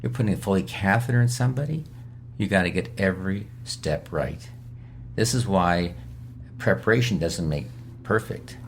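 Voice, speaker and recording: A man's voice: sits low, moderate pace, slight background noise. A man speaking as a guest expert on an emergency medicine podcast, giving emphatic advice on handling difficult patients. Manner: emphatic, acts out patient lines in quotes. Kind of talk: podcast interview teaching.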